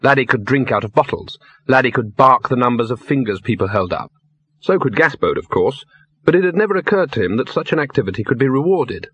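A man narrating a fantasy audiobook in a measured, wry storytelling manner. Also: mid-range voice, animated, fairly bright tone, slightly rough, no room sound. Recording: dull lo-fi dry studio recording.

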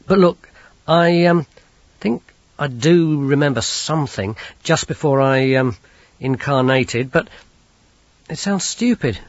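A man voicing a nervous, hungover young male god in an audiobook, excitable and stammering. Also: a little high, takes it slowly, long pauses, dry recording, muffled recording, voice pushed up. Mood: flustered. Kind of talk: audiobook character voice.

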